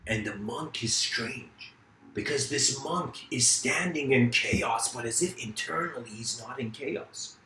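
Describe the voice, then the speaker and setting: A man's voice: mid-range voice, a little slow, sharp tone, reverberant, slight background noise, rough recording. A man giving a casual philosophical lecture, telling a story loosely with many fillers.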